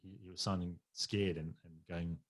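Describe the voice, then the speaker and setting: A man's voice: deep voice, little pitch movement, moderate pace. A man as a podcast guest, telling a long personal story in a rambling, casual way with frequent laughs and swearing.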